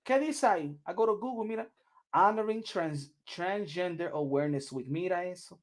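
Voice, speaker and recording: A man hosting a boxing show, talking in an animated, rambling way and slipping into Spanish. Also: high-pitched, normal speed. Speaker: boxing podcast host. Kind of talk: casual boxing commentary.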